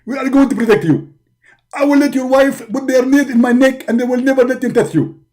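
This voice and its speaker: A man puts on a preacher who declaims loudly and rapidly, piling up promises. The voice is forceful in delivery and sits on a mellow tone. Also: very high-pitched, steady tone. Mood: bombastic. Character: loud, fast-talking male preacher, spits while talking.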